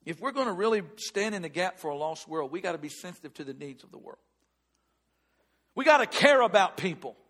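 Middle-aged pastor guy preaching, pretty high voice, goes loud then real quiet while telling a story. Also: fairly quick. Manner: animated storytelling, shifting between loud and hushed. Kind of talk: sermon with personal story.

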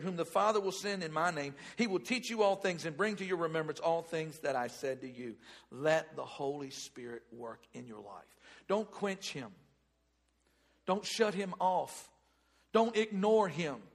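Husky, high-voiced man preaching. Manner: animated, swings from loud to hushed. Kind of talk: sermon.

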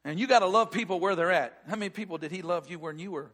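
A middle-aged man preaching from the pulpit, his voice sitting notably high for a man. He tells his story with lively swings from loud emphasis down to near-hushed lines. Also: fast talker. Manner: animated storytelling, shifting between loud and hushed. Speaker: pastor. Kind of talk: sermon with personal story.

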